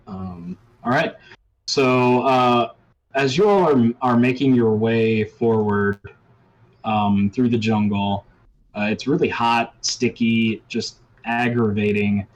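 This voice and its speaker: A man running a tabletop role-playing game as game master, talking in a relaxed way with many ums and uhs. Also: medium pitch, takes it slowly, rough recording.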